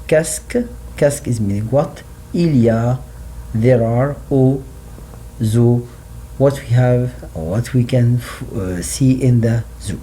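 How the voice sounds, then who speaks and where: A man teaching slow classroom French lesson. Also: mid-range voice, expressive, warm tone, slight background noise. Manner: slow, repeats words for learners.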